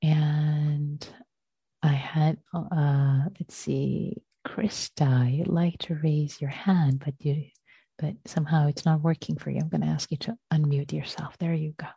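A woman teaching meditation over a video call, her voice low-pitched and mellow. She talks gently and without hurry, reassuring her students. The sound is dry and close, with no room echo. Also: level tone, unhurried, gravelly, slightly rough, lo-fi sound. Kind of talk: online group meditation session.

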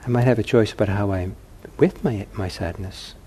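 A male meditation teacher answers questions from the audience, calm and gently humorous. He thinks aloud as he goes and restarts his sentences. His voice is mellow, with a faint hiss of noise behind it. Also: on the low side, moderate pace.

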